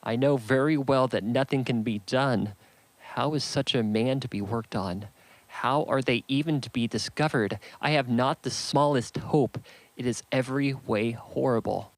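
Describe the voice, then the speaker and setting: A man reading as a distressed young gentlewoman. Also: medium pitch, moderate pace, dry recording, natural voice, rough recording. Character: distressed young woman, genteel heroine. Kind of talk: audiobook character reading.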